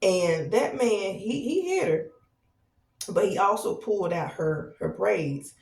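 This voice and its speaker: A woman in her thirties, a podcast host telling a long personal story in a casual, animated way, repeating herself as she goes. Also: mid-range voice, vocal fry. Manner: animated, conversational, drawn-out repetitions. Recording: roomy echo, distant from mic.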